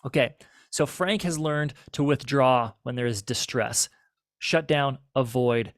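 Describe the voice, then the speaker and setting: A man's voice: medium pitch, measured pace, no echo, studio quality. Man therapist explaining in a conversational way. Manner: conversational, checks in with listeners. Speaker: marriage and family therapist. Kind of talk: explanatory teaching talk.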